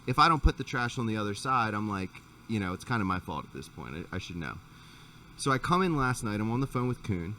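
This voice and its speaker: A man's voice: fairly low pitch, very animated, quick pace, pushed and bright, far from the mic, slight background noise. A man hosting a podcast and telling a long, profane story in casual chat, with frequent restarts. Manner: profane, rambling anecdote with restarts. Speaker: podcast host.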